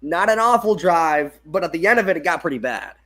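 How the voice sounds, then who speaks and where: Young man, fan livestream play-by-play, slightly high voice, tired and yawning, casual, self-correcting. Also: lively intonation, fairly quick, a bit bright. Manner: casual, self-correcting, apologetic about mistakes. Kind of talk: amateur livestream play-by-play commentary.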